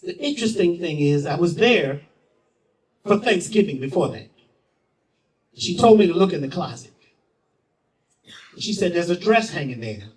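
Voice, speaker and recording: A theatrical man tells a story on stage, his high voice swooping up and down. He swings between loud lines and hushed ones and repeats phrases for effect. He is heard from some way off the mic. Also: expressive, measured pace, pauses often, distant mic, rough recording. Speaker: spoken-word performer at a festival. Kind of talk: dramatic personal storytelling.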